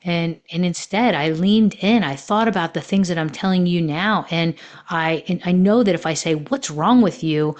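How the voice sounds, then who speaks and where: Low-voiced woman, reflective coach. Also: moderate pace, a little mellow. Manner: reflective, storytelling with many fillers. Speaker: relationship coach. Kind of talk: podcast monologue.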